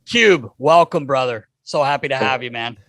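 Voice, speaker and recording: A man's voice: medium pitch, normal speed, a bit bright, dry recording. A man co-hosting a hockey podcast, joking around and laughing through loose casual chat. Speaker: podcast co-host.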